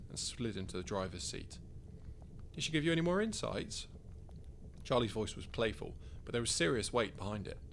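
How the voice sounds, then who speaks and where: A man's voice: fairly low pitch, vocal fry, slight background noise. A man narrating his own first-person short story in a wry, conversational way.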